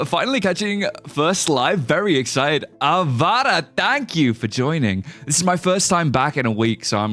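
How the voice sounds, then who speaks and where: Chatty English man, lively voice. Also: mid-range voice. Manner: chatty, swears, laughs often, reads out chat. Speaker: livestreamer. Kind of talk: casual live gameplay chat with viewers. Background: faint guitar music.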